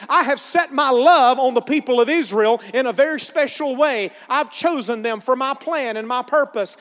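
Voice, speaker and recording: A very high-voiced man preaches a sermon in a church sanctuary, his words ringing with a long hall reverb. He leads the congregation in call-and-response and builds up to shouted lines. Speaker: pastor.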